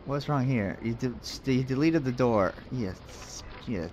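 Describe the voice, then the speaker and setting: A man's voice: mid-range voice, a little slow, a little mellow, a little hiss or hum. A man casually commenting as he plays a game, rambling and muttering to himself with jokes along the way. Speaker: let's play host.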